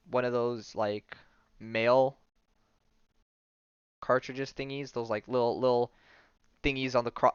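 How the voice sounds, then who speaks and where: A podcast host, retelling a comic story in casual chat and acting out the characters' lines. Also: male voice, medium pitch, fairly bright tone, clear, resonant tone, dry recording, lo-fi sound. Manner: rambling storyteller, acts out quotes in a loose offhand way.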